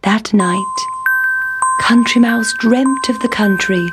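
A woman's voice: a little high, takes it slowly, over loud music. A woman narrating a children's storybook, reading aloud with expression.

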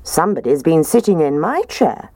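A woman's voice: low voice, very animated, normal speed, mellow, dry recording. A woman voicing a kindly, homely mother bear in a storybook reading.

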